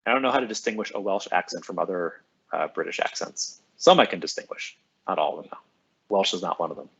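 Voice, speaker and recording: A man's voice: deep voice, animated, a little fast, creaky, fairly bright tone, husky, highs cut off. A man who works as a school librarian, chatting casually on a live stream with students. He reads out their names and comments and answers them cheerfully.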